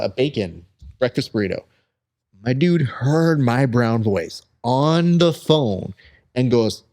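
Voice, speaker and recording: A young adult man hosting a podcast, chatting casually and telling lively stories, acting out the people he quotes. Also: medium pitch. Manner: animated storyteller who acts out quoted people. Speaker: podcast host. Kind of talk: casual chat.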